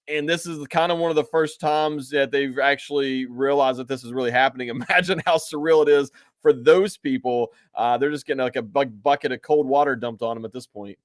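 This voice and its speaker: A man's voice: mid-range voice, no echo. A man co-hosting a political podcast, talking casually and emphatically with frequent restarts.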